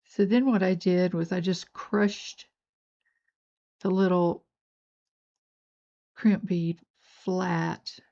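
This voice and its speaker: A woman's voice: fairly low pitch, steady tone, drawn-out words, vocal fry, pauses often, mellow, dull audio. An older woman with a Southern accent, chatting folksily as she demonstrates jewelry making. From North Georgia. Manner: folksy, chatty, talks while working. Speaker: beading channel host. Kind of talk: crafting tutorial narration.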